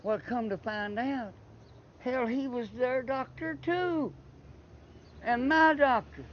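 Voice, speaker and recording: Very high-pitched and slow, an older man from Eastern Kentucky tells long rambling stories in his Appalachian accent. He's an interviewee in casual storytelling, often restarting his words, and the audio is slightly muffled with faint background noise.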